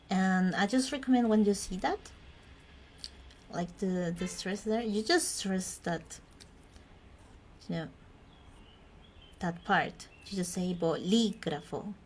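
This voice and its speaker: Slow-speaking woman teacher. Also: mid-range voice, slight background noise. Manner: chatty, self-correcting, laughs between points. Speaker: Spanish teacher. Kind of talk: informal language lesson.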